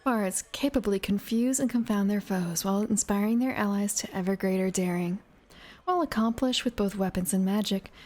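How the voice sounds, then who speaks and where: A woman softly reading game rules aloud in an ASMR whisper, musing to herself between passages. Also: medium pitch. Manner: soft, musing asides between rule text. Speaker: ASMR reader. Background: faint ambient music.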